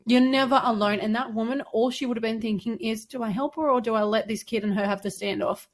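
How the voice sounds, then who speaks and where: A woman's voice: on the high side, fairly even intonation, fast. Reassuring woman coaching with questions. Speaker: podcast host, mother. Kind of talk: casual chat, supportive advice.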